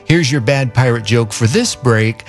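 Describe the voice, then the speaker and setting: A man's voice: mid-range voice, normal speed. A radio co-host in a playful, loose mood, cracking jokes between pledge-drive calls. He has a mid-range male voice, with faint music heard behind the broadcast. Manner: joking, loose, repeats the phone number. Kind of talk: on-air fundraising appeal.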